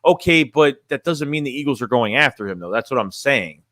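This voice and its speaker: A man's voice: medium pitch, animated, fairly quick, fairly bright tone, no echo. A man chatting casually on a livestream as a sports fan streamer, reading chat and talking bluntly, rambling and restarting his phrases.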